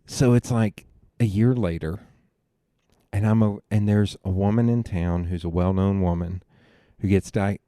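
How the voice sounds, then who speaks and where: Low, dry-voiced man telling family stories. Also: no echo. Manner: animated storyteller, quoting family with laughs. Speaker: podcast host. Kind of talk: casual storytelling chat.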